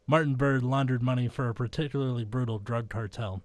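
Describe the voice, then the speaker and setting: Young man reading fan fiction aloud, deadpan. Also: medium pitch, fairly quick, few pauses, dry recording. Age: young adult. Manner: deadpan reading with flustered asides and laughs. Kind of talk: comedic dramatic reading.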